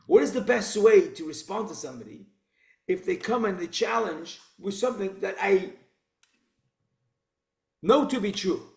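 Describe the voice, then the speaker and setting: A man leads an informal Torah class and talks conversationally through rhetorical questions. His voice sits a touch high, and a roomy echo hangs around it. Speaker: rabbi teaching a Torah class.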